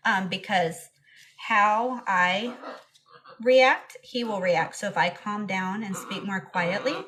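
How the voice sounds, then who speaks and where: A woman's voice: mid-range voice, slow pace, a bit bright. A young woman chatting casually on a live stream, cooing baby talk to her pet bird between answers to comments. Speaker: parrot owner live streamer.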